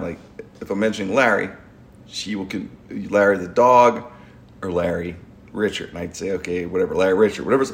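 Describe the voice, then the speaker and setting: Gravelly middle-aged man rambling. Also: fairly low pitch. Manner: rambling, stumbling restarts, animated laughing storyteller. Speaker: podcast host. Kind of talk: casual storytelling chat.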